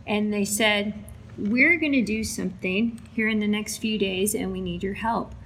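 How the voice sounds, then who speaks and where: On a low-quality recording with slight background noise, an Alaskan woman speaks at a moderate pace in a mid-range voice. Telling stories for a veterans' flight charity, she casually and animatedly recounts veterans' tales, acting out what people said.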